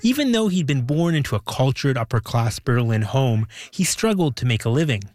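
A man hosting and narrating a documentary in a lively, wondering manner. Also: mid-range voice, brisk, a little hiss or hum. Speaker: documentary host.

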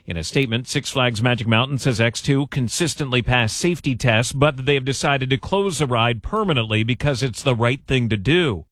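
A male news correspondent delivering a steady, even radio report. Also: mid-range voice, a little fast, few pauses, no echo. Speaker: network correspondent.

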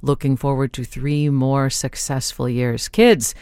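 A classical radio host introducing music and listener shout-outs in a brisk, friendly, chatty way from a studio. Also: medium pitch, flat delivery, smooth, dry recording. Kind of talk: casual radio hosting.

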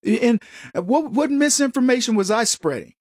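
A man with a notably high voice rants through an opinion monologue, combative and sarcastic. He mocks his opponents as he goes. The sound is close and dry, with no room at all. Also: animated, moderate pace, darkish tone, dry recording. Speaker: political commentary show host.

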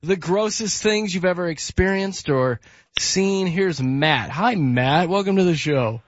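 A man hosts a call-in radio show and briskly moves each call along. His voice sits a little high. The sound is dry and slightly dull. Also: expressive, no echo. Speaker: radio host.

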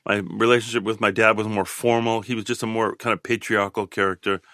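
Thoughtful, bright-toned man in his sixties. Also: on the low side, flat delivery, dry recording, studio quality. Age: 60s. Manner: thoughtful, halting, with frequent restarts. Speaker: guest. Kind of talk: reflective interview talk.

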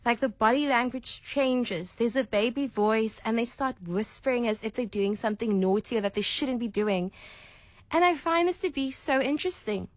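Woman co-host telling a story, animated. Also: on the high side, normal speed, no room sound. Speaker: radio show co-host. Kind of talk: casual radio chat.

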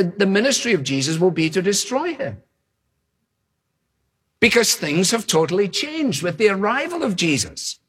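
A man preaching a sermon in a husky, slightly breathy voice that sits a little higher than most men's. He builds his points through emphatic repetition, stacking one short phrase on the next. His delivery is that of a preacher walking a congregation through scripture. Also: a bit bright, big-room sound.

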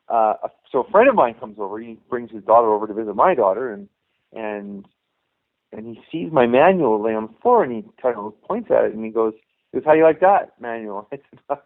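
A man's voice: on the low side, expressive, brisk. A middle-aged man and youth hockey coach, telling rambling anecdotes in a casual interview and acting out the dialogue he quotes. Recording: tinny phone line.

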